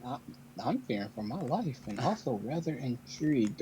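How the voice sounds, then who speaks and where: A man's voice: mid-range voice, very animated, moderate pace, warm tone, slight background noise, poor audio. A man playing a tabletop game in character, blunt and swearing. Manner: blunt, swears, rises sharply when surprised. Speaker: player. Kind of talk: in-character tabletop role-play.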